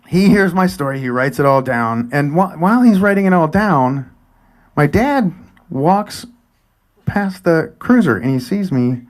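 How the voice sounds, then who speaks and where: A man in his forties telling a personal story live, chatty and animated, sometimes dropping to a near whisper. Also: on the high side. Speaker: storyteller and event host.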